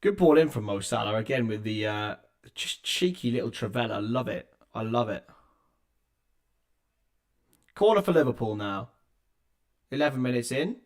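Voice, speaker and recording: A man's voice: medium pitch, brisk. Man giving live football play-by-play. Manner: steady running play-by-play, chatty asides to viewers. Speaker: livestream watchalong host. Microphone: laptop's built-in microphone.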